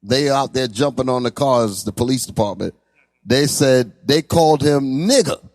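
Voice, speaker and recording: A man's voice: medium pitch, normal speed, a little mellow, no room sound. Man chiming in with agreement. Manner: agreeing, chiming in with short remarks. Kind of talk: casual chat in class.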